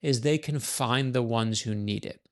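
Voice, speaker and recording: A middle-aged man from New York tells his story with energy, speeding up and acting out what others said to him. His voice has a gravelly, fry-tinged texture at a middle pitch. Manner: animated, fast-talking storyteller, acts out quoted lines. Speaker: author guest. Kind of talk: conversational storytelling.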